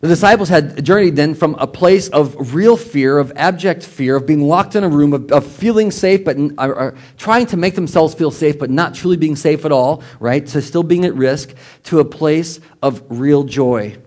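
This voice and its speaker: A man giving a conversational sermon as a pastor, animated and relaxed, asking his listeners questions. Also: fairly high pitch, moderate pace, hardly any pauses.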